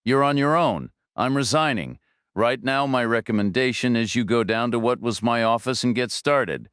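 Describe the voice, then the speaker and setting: A man's voice: mid-range voice, moderate pace, fairly bright tone, smooth, no room sound, studio quality, lightly acted. A man voicing a furious middle-aged finance director who screams, pants and sneers sarcastically, in a storybook reading. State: out of breath.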